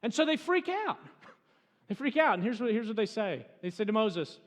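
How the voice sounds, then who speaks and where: A man preaching a sermon as pastor, retelling a story dramatically and swinging between loud, urgent passages and hushed ones. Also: high voice, sing-song, normal speed. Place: church sanctuary. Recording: church hall reverb.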